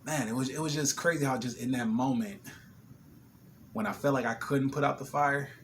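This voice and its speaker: A man's voice: mid-range voice, normal speed, a little hiss or hum. Shaken man telling a kitchen fire story. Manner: animated, swearing, laughing retelling. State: shaken after a scare. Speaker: vlogger. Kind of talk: casual storytelling vlog. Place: apartment kitchen, smoky.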